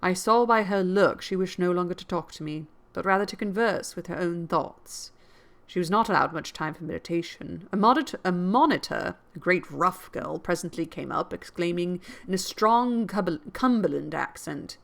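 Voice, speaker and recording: A woman's voice: fairly low pitch, lively intonation, moderate pace, vocal fry. A woman reading a classic novel aloud as a podcast host, with chatty, amused asides. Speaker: book reader and podcast host. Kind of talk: reading aloud and casual chat.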